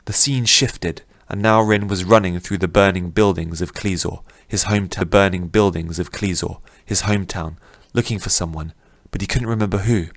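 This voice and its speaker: A man narrating a fantasy audiobook in a measured, even manner. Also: deep voice, no echo.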